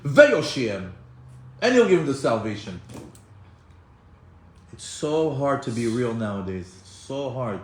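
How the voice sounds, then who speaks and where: A man teaching a Torah class in an animated way, acting out quoted voices and often restarting his sentences. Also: medium pitch, measured pace, long pauses, slight background noise. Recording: echoey room with faint ambience.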